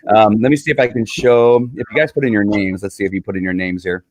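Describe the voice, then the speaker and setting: A man's voice: on the low side, fairly even intonation, quick pace, darkish tone, no room sound. A man hosting a casual video call party, chatty and rambling, laughing often between his words. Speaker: host. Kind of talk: casual chat on a livestream party.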